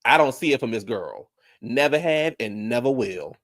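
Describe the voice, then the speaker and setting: A man hosting a casual YouTube show, recapping a reality TV episode and talking to his viewers in chat, jumping into animated high voices when he quotes people. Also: normal speed. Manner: talks back to viewers in chat. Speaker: YouTube reaction show host.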